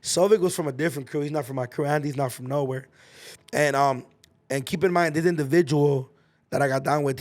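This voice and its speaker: A young man from Los Angeles tells a story in a loose, casual podcast style. His talk is slangy and full of profanity, and he punctuates the action with spoken sound effects. He speaks at a mid-range pitch. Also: creaky, a little mellow. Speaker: podcast host.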